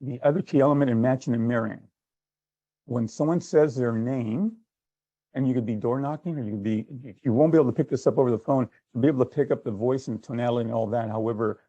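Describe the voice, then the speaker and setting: Gravelly man, talking through a workshop. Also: mid-range voice, a little fast, dark tone, no echo, highs cut off. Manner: conversational, acts out little exchanges. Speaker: sales trainer and speaker. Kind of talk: workshop talk.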